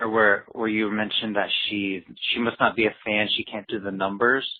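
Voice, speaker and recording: A man's voice: on the low side, little pitch movement, moderate pace. Male interviewer asking brief follow-ups, thin phone sound. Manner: brief prompts and follow-up questions. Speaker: interviewer, senior editor. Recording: tinny phone line.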